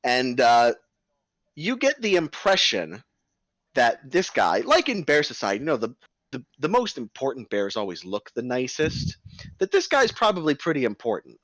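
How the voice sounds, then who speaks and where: Game master narrator, casual and rambling, animated delivery, dry sound. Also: male voice, medium pitch, normal speed, no room sound, rough recording.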